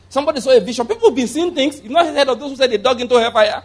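A man's voice: very high voice, rapid-fire, hardly any pauses, breathy edge. A man preaching a conversational sermon as pastor, rambling through asides and chuckling often.

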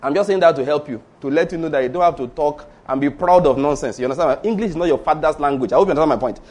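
A man's voice: fairly high pitch, rapid-fire, a little mellow. A middle-aged man with a Nigerian Yoruba accent, preaching a sermon in an emphatic storytelling way. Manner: storytelling, emphatic, repeats points. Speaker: pastor.

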